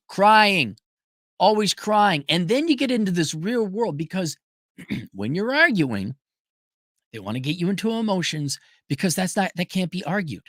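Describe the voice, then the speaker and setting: A blunt, emphatic man hosting a casual livestream, his voice sitting a little higher than most men's. He lurches between loud, forceful declarations and low, muttered asides. The sound is close and dry, with no room around it. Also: very animated, moderate pace, no echo. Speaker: livestream host reading super chats.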